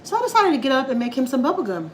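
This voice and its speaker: Woman doing a soft-voiced, sleepy-sweet cooking lady. Very hushed. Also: sits high, very animated, very fast, slight background noise, pitched above the performer's own voice. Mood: dreamy soft. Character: soft-spoken gentle woman home cook.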